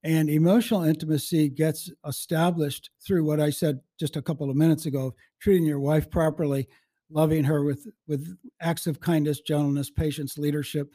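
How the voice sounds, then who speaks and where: A man in his seventies chatting as an interview guest, rambling warmly through anecdotes with frequent restarts and chuckles. His voice is somewhat high-pitched yet soft and mellow in tone. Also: fairly even intonation, moderate pace. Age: 70s. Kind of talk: casual interview with storytelling.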